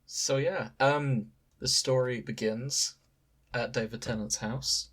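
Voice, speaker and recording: A man's voice: mid-range voice, fairly even intonation, slow, a bit bright. A man, co-hosting a podcast and recounting a story with dry, wry asides in casual chat. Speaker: podcast co-host.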